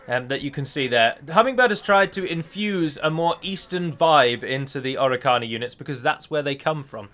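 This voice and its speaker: A man's voice: on the high side, a bit bright. A man giving a chatty gameplay voice-over as a mod developer, often correcting himself as he explains.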